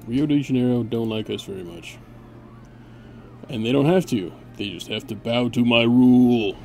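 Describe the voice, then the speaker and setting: Gravelly man doing sarcastic game commentary. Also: medium pitch, normal speed, warm tone, faint music behind. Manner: sarcastic, with mock-grand orders to units. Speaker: gameplay video host. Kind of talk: casual gameplay commentary.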